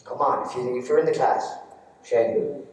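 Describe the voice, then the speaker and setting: A man's voice: medium pitch, fairly even intonation, normal speed, a little mellow. A man with an Irish accent telling comic stories on stage in a cheeky, teasing way. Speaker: stand-up storyteller. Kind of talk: live comic storytelling. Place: arts centre stage. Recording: echoey hall, distant mic.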